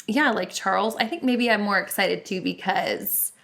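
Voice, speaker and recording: A woman co-hosting a podcast in casual chat, a mother who jokes quickly with frequent swearing. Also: mid-range voice, vocal fry, a bit bright.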